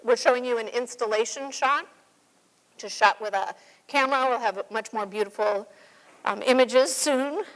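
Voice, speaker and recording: Curator, woman, New York accent, easygoing public-talk host, slightly high voice, reverberant hall. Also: normal speed. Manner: chatty, laughs easily, relaxed presenter. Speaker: museum curator hosting an artist talk. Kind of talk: public conversation in a gallery. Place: museum auditorium.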